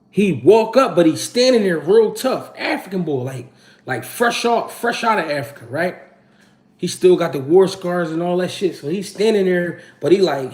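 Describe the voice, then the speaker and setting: A man's voice: high-pitched, darkish tone. A man, hosting his channel and telling a story to a live audience in a casual, slangy and profane way, acting out the quotes. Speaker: channel host.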